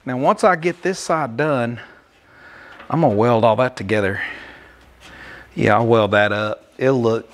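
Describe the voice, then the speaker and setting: A man's voice: medium pitch, expressive, unhurried, pauses often, a bit bright. Folksy man, out of breath. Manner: folksy, joking, talks while working. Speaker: DIY car builder. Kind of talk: casual workshop tutorial.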